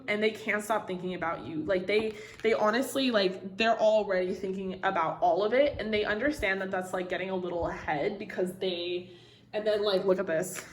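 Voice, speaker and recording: A woman's voice: mid-range voice, a little hiss or hum. A young woman giving a casual, emotional tarot reading to her viewers, gushing and swearing freely, with lots of "like" fillers. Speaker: tarot reader. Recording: roomy echo.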